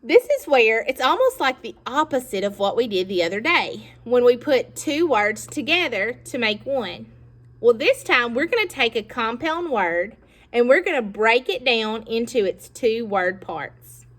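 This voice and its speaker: Lively encouraging woman teacher. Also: on the high side. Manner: slow, encouraging, with pauses for pupils to echo. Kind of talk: classroom lesson to young children.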